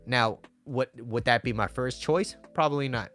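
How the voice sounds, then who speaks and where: A man gives dating advice in a loose, conversational way, tossing in "right?" as he goes. His voice sits at an ordinary middle pitch. Faint music plays underneath. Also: moderate pace, hardly any pauses, a bit bright. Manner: chatty, conversational, often asks "right?". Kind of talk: casual advice talk to viewers.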